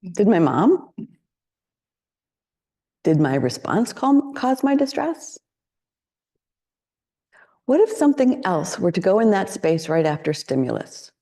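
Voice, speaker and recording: A woman's voice: on the low side, sing-song, measured pace, long pauses, mellow. A woman meditation teacher giving a dharma talk, reflective and candid, often asking questions.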